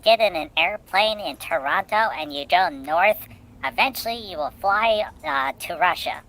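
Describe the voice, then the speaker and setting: A woman's voice: fairly low pitch, animated, moderate pace, a bit bright, low-quality recording. A woman co-hosting a casual chat show, telling rambling jokes with many fillers. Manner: rambling joking storyteller. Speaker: co-host.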